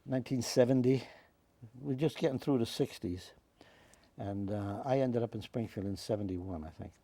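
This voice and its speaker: Gravelly old New man reminiscing. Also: mid-range voice, dark tone, dry recording. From Staten Island, New York. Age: 90s. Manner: rambling, halting, with many restarts. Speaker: interviewee, WWII veteran. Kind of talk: oral history storytelling.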